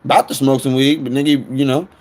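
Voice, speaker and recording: A man's voice: mid-range voice, flat delivery, quick pace, a little mellow. A man telling a rambling, profane story to viewers on his phone stream.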